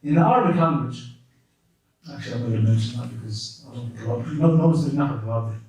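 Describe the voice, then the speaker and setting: A man teaching a lesson in a mosque classroom, explaining terms in a quick, conversational way with many restarts. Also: medium pitch, darkish tone. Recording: echoey room from a distance.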